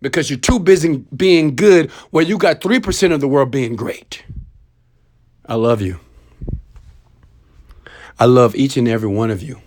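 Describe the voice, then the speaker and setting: A man in his thirties delivering a preachy motivational monologue to viewers, swinging between loud urging and quiet, intimate asides. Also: medium pitch. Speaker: motivational speaker.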